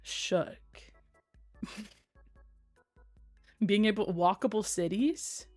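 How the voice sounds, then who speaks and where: A woman's voice: medium pitch, very slow, darkish tone, soft background music. A young American woman chatting casually on a live stream, giggling often and repeating phrases for emphasis. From United States.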